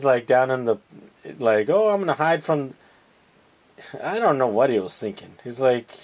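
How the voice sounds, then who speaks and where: A man recapping TV episodes in a casual, rambling way, sarcastic and mocking, halting over many fillers. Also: medium pitch, darkish tone. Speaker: podcast host recapping TV episodes.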